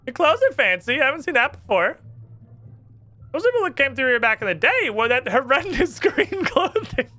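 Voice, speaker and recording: Man doing a very high, bouncy, bossy game tutor in a squeaky put-on voice. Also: sing-song, moderate pace, bright, forceful tone, heavily acted. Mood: chirpy. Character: cheery high-voiced tutor stranded underwater.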